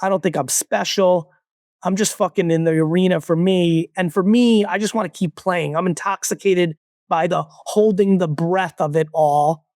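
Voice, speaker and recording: A man in his forties, born in Russia, talking as a guest entrepreneur in a blunt, profane, animated way. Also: high voice, normal speed, no room sound, clean studio sound. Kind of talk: casual interview talk.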